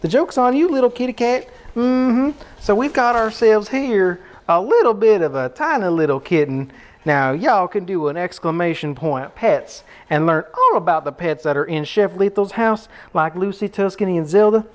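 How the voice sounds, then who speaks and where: A man's voice: fairly high pitch, takes it slowly, pauses often, a bit bright. A man doing a put-on, exaggerated Southern drawl as a folksy, hospitable cook while chatting on a cooking livestream.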